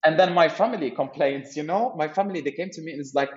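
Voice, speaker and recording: Animated man telling a funny story. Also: a little high, fast talker, reverberant, lo-fi sound. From Morocco. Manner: animated storyteller, laughs often, repeats words. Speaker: podcast guest, startup founder. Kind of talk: casual storytelling interview.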